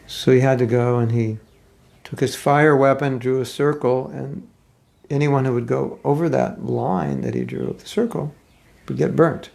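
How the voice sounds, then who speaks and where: Spiritual teacher, very gravelly voice, chatty halting storyteller. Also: male voice, mid-range voice, steady tone, darkish tone. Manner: conversational, halting retelling with asides. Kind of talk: storytelling sermon.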